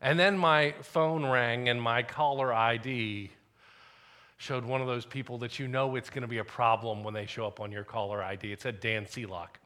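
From the pulpit, a middle-aged pastor preaches at a normal speed with a steady tone, his bright, forward voice pitched in the middle range. He sounds like he's sharing a story with friends, with occasional hushed asides.

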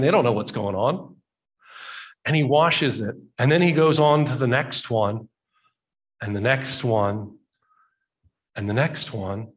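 A man preaching a sermon as a pastor, telling the story conversationally and slowing down for emphasis. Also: mid-range voice.

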